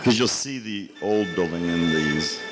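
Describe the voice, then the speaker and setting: A deep-voiced man, a hospital architect, speaks at a measured pace at a fundraising banquet in a hotel hall, with loud music playing. He tells an anecdote, acting out the dialogue and growing more emotional as it goes. The large hall gives a long reverb.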